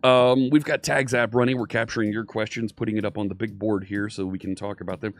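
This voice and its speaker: Fast and steady, a fairly low-pitched male voice leads a casual, upbeat programming live stream. The man is from Philadelphia, USA, has a light Philadelphia accent, and greets viewers by name from his home studio as faint synthwave music plays.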